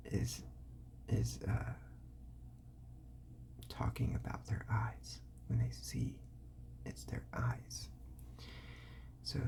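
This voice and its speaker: A host giving parenting advice in a whispered ASMR talk, sounding out words slowly and softly, with casual fillers and self-corrections. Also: mid-range voice, creaky.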